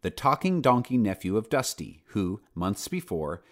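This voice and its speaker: A man's voice: on the low side, moderate pace. A man narrating a children's storybook with playful asides to the listener. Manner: lively storyteller, playful asides, does character voices. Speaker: audiobook narrator.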